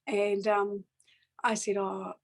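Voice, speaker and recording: Woman guest, storyteller, even level delivery, earnest and reflective with pauses. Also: mid-range voice, poor audio. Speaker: singer-songwriter guest. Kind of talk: personal storytelling in a conversation.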